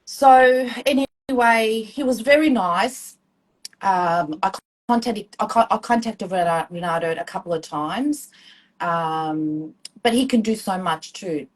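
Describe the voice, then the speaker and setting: Australian woman in her forties, mid-pitched, rambling live-chat storyteller with lots of ums. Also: slow pace, poor audio. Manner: chatty storytelling, many ums, acts out quotes. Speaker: hairdresser and student guest.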